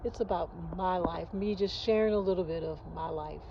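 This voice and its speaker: A woman's voice: lowish voice, moderate pace, vocal fry, highs cut off, background noise. A woman in her fifties hosting her own channel, speaking earnestly in a rambling heartfelt vlog with many restarts, recorded at home on a phone. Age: 50s. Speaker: channel host. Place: at home early in the morning. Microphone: phone, face not shown.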